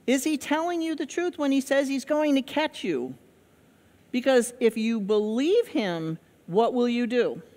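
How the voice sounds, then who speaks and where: A middle-aged woman pastor preaching in a relaxed, conversational way, leaning on repeated phrases and rhetorical questions. She takes her time, and her voice rings out with a long echo around the church hall. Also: medium pitch. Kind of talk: sermon. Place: church sanctuary.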